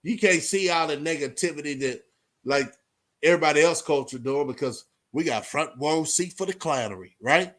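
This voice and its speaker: A man talks straight to his viewers in a loose, streetwise vlog, sermonizing about respect and real talk. His voice sits fairly high for a man, and he keeps tossing in "man" between thoughts. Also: normal speed, a bit bright. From Austin, Texas. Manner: streetwise, preachy, repeats "man" and "you know what I'm saying". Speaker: vlogger. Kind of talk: casual talk to camera.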